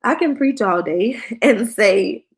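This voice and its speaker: A woman's voice: mid-range voice, expressive, takes it slowly. A woman who works as a school counselor, giving a conversational parenting workshop and acting out short parent-child exchanges. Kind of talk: presentation to parents.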